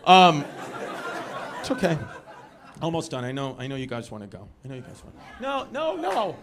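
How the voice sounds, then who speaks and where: A Brooklyn, New York man performs stand-up on a theater stage, his mid-range voice moving a little fast as he acts out quoted voices and banters with the crowd. He's animated throughout, and the live recording carries audience noise.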